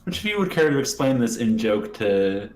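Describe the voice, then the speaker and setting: Man, game master, brisk and organizing, very lively intonation. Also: mid-range voice, roomy sound. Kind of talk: running a character creation session.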